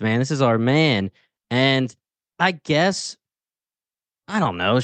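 A man co-hosting a casual talk show about a TV series, animated and slangy, often breaking into laughter as he tells his reactions. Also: medium pitch, dry recording. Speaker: podcast co-host. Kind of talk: casual chat.

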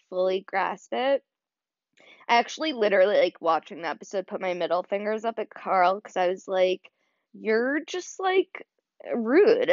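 A woman's voice: medium pitch, dry recording. A young woman hosting a solo podcast, talking casually with many fillers and getting choked up at times. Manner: emotional, choked up. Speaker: podcast host. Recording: dull dry audio.

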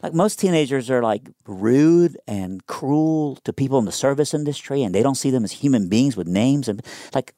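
A young man telling a personal story in a casual interview, animated and conversational with lots of fillers. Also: mid-range voice, normal speed, few pauses, dry recording, studio quality.

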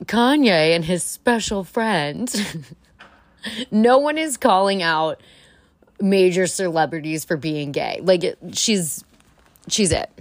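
A young woman hosting a casual solo podcast, gossipy and animated, swearing freely as she chats. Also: low-pitched, dry recording. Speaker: podcast host.

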